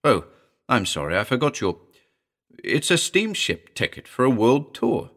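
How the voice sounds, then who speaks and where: A man's voice: medium pitch, huge pitch swings, a little slow, fairly bright tone, voice pushed up, heavily acted. A man voicing an uneasy, bewildered male passerby reading a strange note aloud. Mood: puzzled. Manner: hesitant, bewildered.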